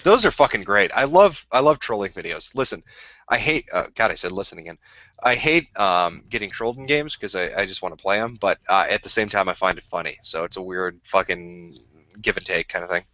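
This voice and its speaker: Brief: male co-host, blunt and profane, lowish sharp voice, dull lo-fi chat mic. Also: lively intonation, no echo. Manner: blunt, profane, quick opinions. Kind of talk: casual stream chat.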